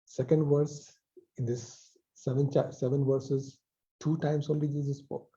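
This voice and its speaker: A man preaching a sermon over a video call, repeating phrases with emphasis and dropping softly at line ends. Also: medium pitch, little pitch movement, a little slow, dull audio. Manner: repetitive, emphatic with soft drops.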